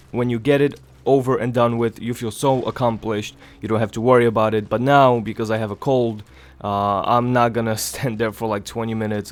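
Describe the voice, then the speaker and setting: A young man talks over his gameplay in a hushed, low voice, his nose stuffed up from a cold. He rambles loosely with lots of fillers and casual swearing. His pitch sits in the middle for a man. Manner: hushed low voice to avoid waking others. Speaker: gaming channel host. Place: home, early morning.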